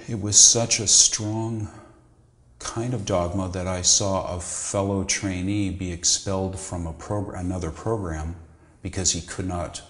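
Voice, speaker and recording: A middle-aged man with a deep, low voice explains medical ideas in a measured, lecturing way. He pauses and restarts now and then as he builds his points. The room around him is echoey. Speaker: psychiatrist guest. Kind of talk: explanatory interview answers.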